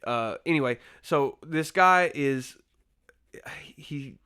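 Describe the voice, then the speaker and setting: A man's voice: a little high, slow pace, pushed and bright, clear, resonant tone. A man casually reviewing a horror film, rambling with lots of fillers and restarts and laughing easily. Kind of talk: casual spoken movie review.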